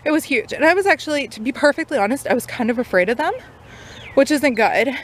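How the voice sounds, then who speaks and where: A chatty woman talks through her beekeeping on a camera mic outdoors. Her voice sits a little high, with lots of easy fillers. Faint insect buzzing and outdoor noise run behind her. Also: expressive, fast. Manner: chatty, upbeat, uses many fillers. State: out of breath. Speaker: new beekeeper. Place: outdoors by beehives.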